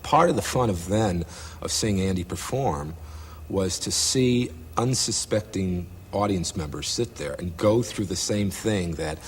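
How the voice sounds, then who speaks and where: A man reminiscing in an interview, describing events in a measured way. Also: low-pitched, a little hiss or hum.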